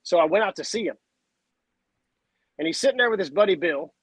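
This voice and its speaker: Animated man telling hunting stories. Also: high voice, fairly quick, breathy edge, no echo, low-quality recording. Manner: animated, acts out voices and sounds. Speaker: podcast guest. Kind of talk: casual storytelling chat.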